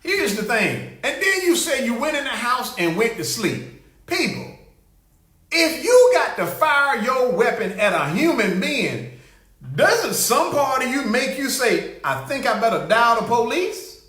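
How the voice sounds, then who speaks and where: A man hosting a radio talk show, holding forth in an animated, sarcastic, down-home preaching way. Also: very high-pitched, unhurried, roomy sound. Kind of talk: opinion talk radio monologue.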